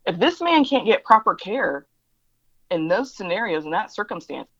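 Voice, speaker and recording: A woman's voice: medium pitch, sing-song, moderate pace, fairly bright tone, no echo, highs cut off. A woman being interviewed, telling a story in an emphatic conversational way and acting out the voices of the people she quotes. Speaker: interview guest, diversity educator.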